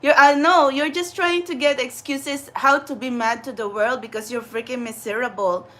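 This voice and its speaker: High-voiced chatty woman vlogging. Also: moderate pace. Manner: chatty, animated, frequent laughs and fillers. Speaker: vlogger and spiritual channeler. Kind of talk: casual rambling vlog. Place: New York City area.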